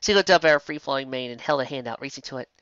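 A woman voicing an emotional, overwhelmed adult woman with breathless, high exclamations, recorded dull and lo-fi. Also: very fast, a bit bright, no room sound.

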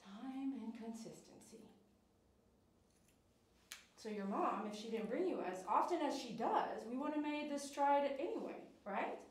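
A woman groomer with a somewhat high voice talks in a coaxing, sing-song way to a dog on her table. She turns bright and cheery as she greets and thanks her live viewers. The room around her is echoey. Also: expressive, normal speed, few pauses. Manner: cheery, loud sign-off reading viewer comments. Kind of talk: soft talk to a dog while grooming, then upbeat chat with live viewers.

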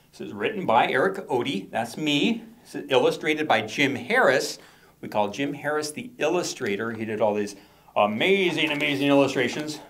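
A man, a children's author, performing his poems and songs for kids, playfully coaxing them to join in. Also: medium pitch. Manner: playful, coaxing call-and-response.

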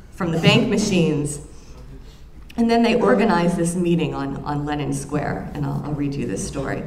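A woman historian lecturing to an audience, her voice sitting fairly low and climbing as the stories grow animated. She talks in quick bursts with many ums and restarts, like someone thinking aloud, and a faint hiss sits under the recording. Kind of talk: public lecture with anecdotes.

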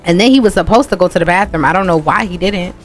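A gaming channel host with a low-pitched voice talks fast and casually while playing a life-sim game, with faint game music underneath. She's chatty, curses freely, and addresses her viewers directly as "y'all."

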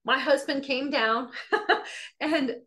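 Lively, bright-voiced woman telling a story. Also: high voice, very slow. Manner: lively storyteller acting out dialogue; conversational, with fillers and restarts. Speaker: Christian teacher. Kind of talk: testimony-style teaching.

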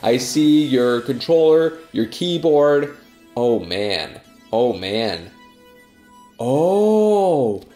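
A young man vlogging about his fan mail with a stuffy nose from a cold, gushing with excitement. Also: medium pitch, takes it slowly, echoey room, soft background music. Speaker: YouTuber. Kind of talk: casual vlog reading fan mail.

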